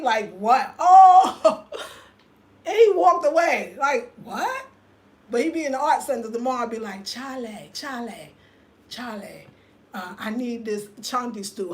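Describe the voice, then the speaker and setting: A woman, telling a story in a casual live chat, animated and laughing often, reading viewer comments aloud. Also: fairly high pitch, a little hiss or hum. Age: 50s. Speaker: livestream host.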